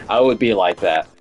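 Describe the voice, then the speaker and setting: A man streaming a game with casual chatty commentary, laughing often and humming along, his voice tired after hours of talking. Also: fairly low pitch. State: voice fatigue.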